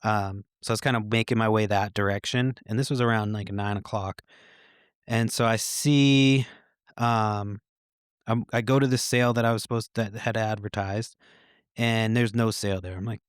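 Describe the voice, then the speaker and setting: A man's voice: lowish voice, steady tone, moderate pace, clear, resonant tone, dry recording, studio quality. A man hosting a podcast, telling stories in a casual, rambling way, swearing freely and chuckling often. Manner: profane, laid-back, with frequent fillers and chuckles. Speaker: podcast host.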